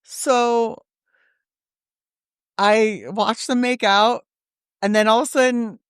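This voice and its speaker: A woman with a slightly high voice takes her time, sounding smooth in a dry, studio-quality recording. Guesting on a podcast in a studio, she tells stories in casual chat, swearing freely and animatedly acting out quotes in shifting voices.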